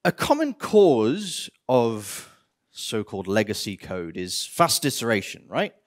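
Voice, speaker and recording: Animated man giving a tech talk. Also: on the low side, a little slow. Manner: animated, theatrical outbursts of mock despair. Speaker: conference speaker. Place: conference hall stage.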